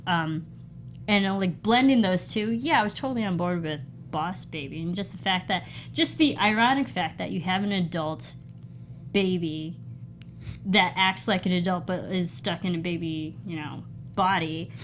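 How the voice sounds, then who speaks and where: A woman talks about a film in a relaxed review chat, laughing often as she goes. A faint hiss sits under the recording. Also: on the low side, normal speed. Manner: giggly, laughs often while talking. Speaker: podcast co-host. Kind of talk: casual movie review chat.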